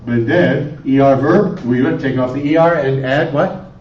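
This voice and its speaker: Coaxing Spanish teacher in an echoey classroom. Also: male voice, medium pitch, normal speed. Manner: questioning, coaxing students with repeated prompts. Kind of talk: classroom lesson. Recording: echoey room, distant lo-fi camera audio.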